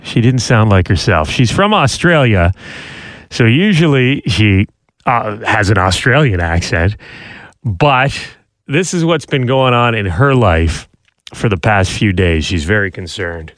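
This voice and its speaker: A man's voice: lowish voice, sing-song, a little slow, a bit bright, no room sound. A male radio host telling stories in a casual chat, with a wry storytelling manner and joking asides.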